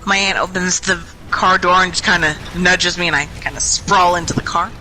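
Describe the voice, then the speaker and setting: A young adult woman casually telling a long, rambling story over game voice chat, chatty and animated, swearing freely. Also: lowish voice, moderate pace, faint music behind, rough recording. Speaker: gaming group member. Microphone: headset or desk mic in online voice chat.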